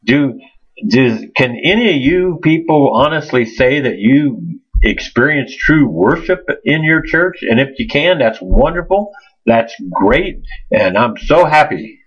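Man, earnest halting preacher, husky voice, dull lo-fi sound. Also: medium pitch, very animated. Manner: earnest, halting, repeats words. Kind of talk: informal sermon. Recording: muffled lo-fi recording.

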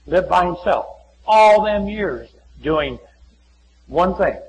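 A man preaching a folksy sermon in a church, often acting out little conversations and dropping to a hushed voice. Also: high-pitched, slight background noise, poor audio. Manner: folksy, acts out little dialogues, many drops to a hushed voice. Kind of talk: sermon with altar call.

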